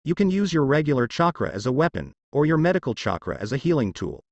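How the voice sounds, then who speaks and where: A man's voice: a little high, sing-song, fast talker, a little mellow, dry recording, lo-fi sound. A man voicing an earnest young male ninja clan heir in a plain, matter-of-fact storybook reading.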